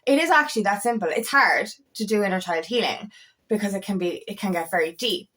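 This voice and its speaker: A woman coach talking through self-love in a casual, heartfelt monologue, swearing freely and repeating words as she searches for them. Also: a little fast. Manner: swings between high fervent peaks and low quiet asides.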